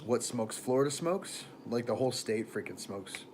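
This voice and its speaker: A man's voice: mid-range voice, expressive, moderate pace, darkish tone, slight background noise. A man rambling through casual livestream chat on a phone camera, laughing often and trailing off mid-thought.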